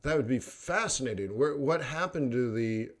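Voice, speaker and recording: A man's voice: mid-range voice, animated, moderate pace. A man hosting a trading livestream in casual chat, rambling between topics, laughing often and acting out quoted voices. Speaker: forex trading livestream host.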